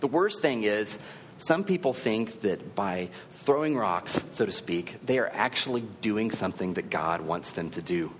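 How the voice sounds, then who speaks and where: A man's voice: on the low side, expressive, measured pace, long reverb tail, slight background noise. A male preacher giving a sermon in a conversational, earnest storytelling manner.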